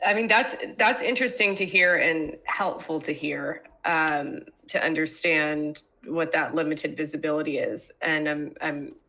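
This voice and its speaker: Low bright-voiced woman podcast host. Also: a little slow, few pauses. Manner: filler-heavy, hedging. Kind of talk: casual podcast chat.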